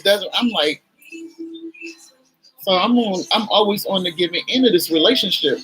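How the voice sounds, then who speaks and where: A woman's voice: mid-range voice, moderate pace, pauses often, fairly bright tone, low-quality recording. A woman in her forties, a vlogger chatting candidly and emotionally to her viewers while doing her makeup.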